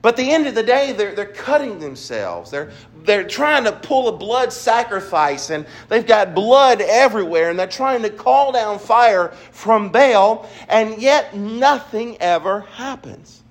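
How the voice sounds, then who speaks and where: A man's voice: sits high, lively intonation, measured pace, few pauses. A male pastor preaching a sermon emphatically, repeating key phrases. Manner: emphatic, repetitive preaching with restarts.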